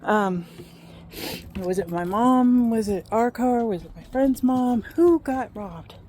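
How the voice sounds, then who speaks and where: A woman in her fifties casually telling a personal story, animated and acting out what people said. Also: fairly high pitch, takes it slowly, slight background noise. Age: 50s.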